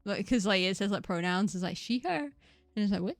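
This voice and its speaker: A woman's voice: mid-range voice, steady tone, a little fast, dry recording, soft background music. Giggly woman streaming a game. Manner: giggly, rambling, lots of upward inflections. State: slightly croaky. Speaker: VTuber streamer. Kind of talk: casual live-stream chat while gaming.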